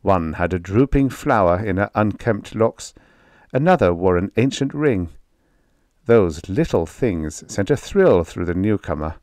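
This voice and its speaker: A man narrating a vintage horror short story in a measured, expressive style. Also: on the low side, no room sound, studio quality. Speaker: audiobook narrator.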